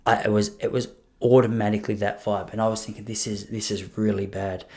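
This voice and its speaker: A man spins a rambling anecdote on his podcast, lively and self-deprecating. He stumbles and restarts often as he talks. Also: on the low side, brisk. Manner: animated, self-mocking storyteller, rambling with frequent restarts. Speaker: podcast host. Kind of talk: casual storytelling monologue.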